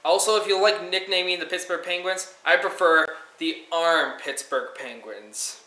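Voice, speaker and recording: A man's voice: high-pitched, normal speed, sharp tone, echoey room, low-quality recording. A teenage boy joking his way through a hockey season preview with goofy, silly humor. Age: teens. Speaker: co-host. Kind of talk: jokey hockey preview chat.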